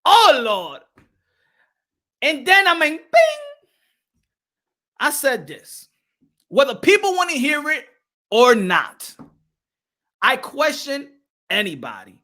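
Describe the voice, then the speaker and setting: Animated man hosting a livestream. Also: very high-pitched, measured pace, pauses often. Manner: animated, repeats himself, addresses the chat. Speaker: podcast host. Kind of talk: casual livestream chat.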